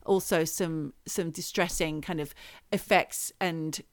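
A woman's voice: low-pitched, steady tone, takes it slowly, no echo, studio quality. A woman co-hosting a podcast, telling a story in casual chat and reading quotes aloud. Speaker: podcast co-host.

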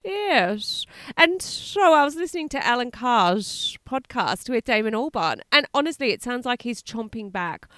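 A high, bright Australian woman who is slightly stuffy from a cold and chats excitably on a comedy podcast. Her pitch leaps all over the place, and she giggles and swears freely. The sound is close and dry. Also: unhurried, few pauses, dry recording. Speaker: podcast co-host. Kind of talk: casual comedic chat.

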